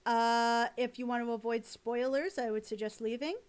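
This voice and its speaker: A woman's voice: a little high, steady tone, moderate pace. A woman streamer chatting casually with friends while ranking characters, gushing and giggly. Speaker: streamer hosting a tier list. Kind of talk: casual livestream chat.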